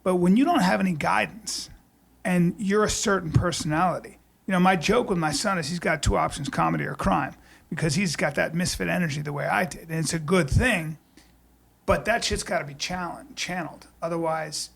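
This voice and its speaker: A man's voice: high voice, brisk, gravelly, a bit bright, husky. A man hosting a podcast, talking in a loose, rambling way with casual swearing. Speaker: podcast host. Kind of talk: casual conversation.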